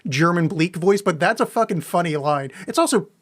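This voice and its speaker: A man co-hosting a podcast in casual chat, excitable, swearing freely and laughing often. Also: sits high, brisk. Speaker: podcast co-host.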